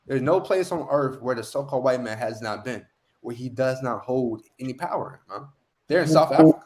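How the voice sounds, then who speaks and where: A man's voice: medium pitch, expressive, fairly quick, a little mellow. A man leading an online scripture lesson, preaching emphatically and often tagging lines with "man". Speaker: lesson teacher.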